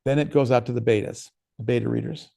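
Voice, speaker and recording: A man's voice: medium pitch, steady tone, fast, vocal fry, dark tone. A man, an author, giving a casual workshop talk and answering questions, telling stories in a conversational way with frequent restarts.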